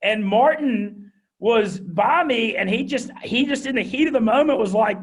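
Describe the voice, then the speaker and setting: Young Southern man, thick drawl, fiery storyteller, high husky voice. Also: moderate pace. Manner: high-energy, animated, excited. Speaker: guest, radio host. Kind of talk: interview storytelling.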